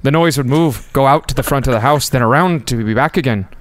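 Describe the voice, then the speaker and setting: A man reading aloud as an old Irish countryman, in a halting mock Irish brogue. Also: mid-range voice, no room sound, lightly acted. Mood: spooked. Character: old Irish countryman telling a ghost story.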